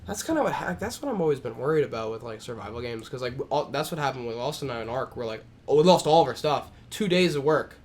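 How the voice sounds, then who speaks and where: A man co-hosting a casual gaming podcast, telling stories in an animated way with a lot of swearing. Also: mid-range voice, fast talker, few pauses. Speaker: podcast co-host.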